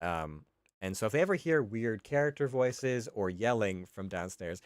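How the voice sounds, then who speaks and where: A man's voice: lowish voice, lively intonation, moderate pace, smooth, dry recording. A man, a streamer and voice actor, reading game logs in a casual way with laughing asides, his voice tired. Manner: laughing, self-mocking asides.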